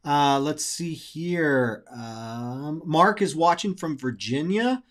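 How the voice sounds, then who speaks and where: A man's voice: fairly high pitch, animated, slow, fairly bright tone. A man co-hosting a live show, casually reading out viewer comments and questions. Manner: easygoing, reads viewer names and comments aloud.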